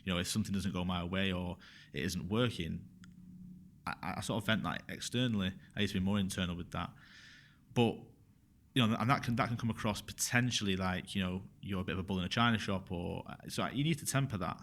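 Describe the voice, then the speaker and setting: A man with a low voice, a guest on a casual podcast. He speaks openly and with feeling, hammering his points home by repeating them. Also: brisk. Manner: frank, animated, repeats phrases for emphasis. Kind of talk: casual conversational interview.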